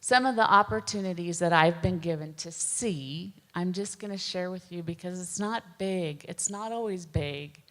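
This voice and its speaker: A middle-aged woman giving a personal testimony, speaking slowly, gently and earnestly with soft pauses. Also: lowish voice. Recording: long hall reverb.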